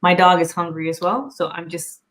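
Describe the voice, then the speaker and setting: A woman's voice: fairly low pitch, steady tone, moderate pace, fairly bright tone. A woman hosting a casual podcast, talking candidly and with self-deprecating humor. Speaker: podcast host.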